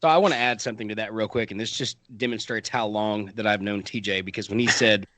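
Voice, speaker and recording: A man's voice: fairly low pitch, steady tone, fast, pushed and bright, no echo. A man co-hosting a podcast who talks in a rambling, easygoing way. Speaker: podcast co-host. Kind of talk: casual chat.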